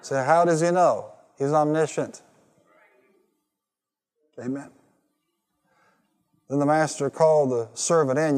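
A man's voice: fairly high pitch, slow, long pauses, darkish tone. A male pastor preaching a sermon and calling for responses from the congregation, rising to emphatic peaks. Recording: reverberant hall.

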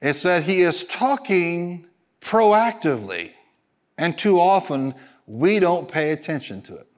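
Preaching man with a raised pitch. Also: sing-song, unhurried. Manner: calls for congregation responses, storytelling with laughter. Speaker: pastor. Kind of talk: sermon.

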